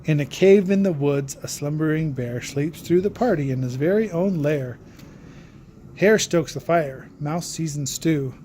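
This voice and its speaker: A woman reads a rhyming picture book aloud, leaning into its bouncy sing-song rhythm. Her voice is low and mellow, and she takes her time over each line. There is a faint hiss behind her. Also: a little slow. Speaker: storybook reader.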